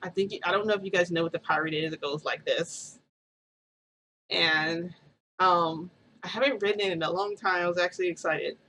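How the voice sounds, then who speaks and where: A woman's voice: on the low side, steady tone, normal speed, bright, forceful tone, slight background noise, poor audio. A woman vlogger casually telling a first-person story, rambling and full of "like" fillers.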